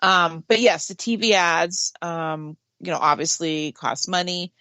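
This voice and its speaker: A woman's voice: fairly low pitch, fairly even intonation, a little slow, sharp tone, no echo. A woman, co-hosting a talk radio show, explaining at length and laughing easily. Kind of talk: casual talk radio chat.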